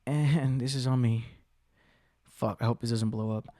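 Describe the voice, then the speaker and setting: A podcast host delivers a casual storytelling monologue, rambling through a heavily profane story and acting out what people said. His mid-range, mellow voice has fairly even intonation and a measured pace, recorded cleanly in a studio with no echo.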